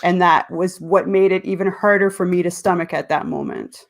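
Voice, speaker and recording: A woman's voice: on the low side, fairly even intonation, normal speed, gravelly. A woman, an educator co-hosting a podcast, chatting casually and hesitantly, often restarting as she searches for words. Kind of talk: casual chat.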